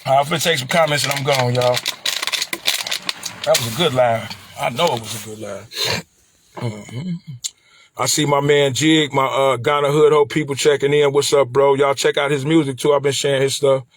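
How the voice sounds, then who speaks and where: A middle-aged man from Chicago with a Chicago accent, talking on a livestream in an animated, preachy way and repeating phrases. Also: medium pitch, normal speed. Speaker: livestream commentator. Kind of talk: casual livestream talk.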